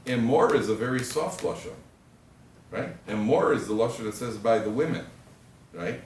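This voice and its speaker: A man giving an animated Torah class as a rabbi, joking and acting out quoted husbands and wives. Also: mid-range voice, normal speed, recorded from a distance, a little hiss or hum. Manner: animated storytelling, acts out quoted husbands and wives, jokey asides. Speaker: rabbi lecturer. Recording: echoey room recorded from afar, faint ambience.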